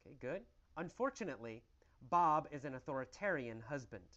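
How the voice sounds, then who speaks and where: Man, English teacher, question-and-answer story lesson, exaggerated and animated, dull lo-fi audio. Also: fairly high pitch, a little fast.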